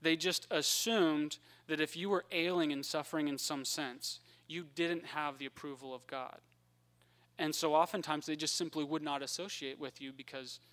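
A man preaching a conversational Bible-teaching sermon, acting out the characters in quick voices. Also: fairly high pitch, a bit bright, smooth.

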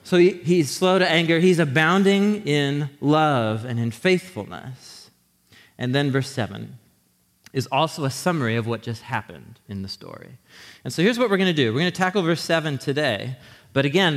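Conversational male preacher in a hall. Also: mid-range voice. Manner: conversational teaching, checks in with the audience. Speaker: pastor. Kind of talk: sermon.

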